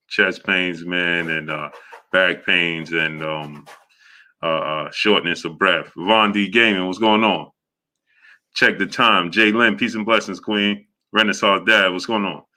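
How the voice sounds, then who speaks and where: A man hosting a casual live stream, greeting viewers by name and talking haltingly with many fillers. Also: low voice. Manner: greets viewers by name in a steady run-through. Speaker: host of a boxing live stream.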